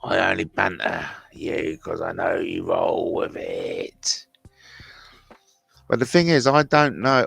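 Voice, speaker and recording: A man's voice: deep voice, very animated, takes it slowly, creaky, fairly bright tone, husky, no room sound, soft background music. A man hosting a casual livestream, chatting in blunt banter with some swearing, reading out viewers' comments and answering them. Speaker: livestream host.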